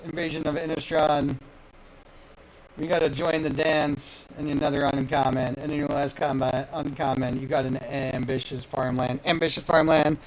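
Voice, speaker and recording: A man's voice: on the high side, a little hiss or hum, low-quality recording. A man hosting a live card-opening stream, hyped and playful, talking straight to his viewers. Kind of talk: excited live stream chatter.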